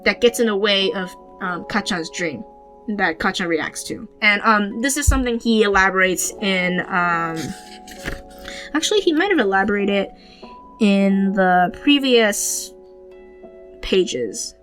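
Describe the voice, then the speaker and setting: This podcast host discusses manga panels in a loose, rambling chat packed with fillers and restarted sentences. She speaks a little slowly in a medium-pitched, fairly bright voice, with soft music behind her.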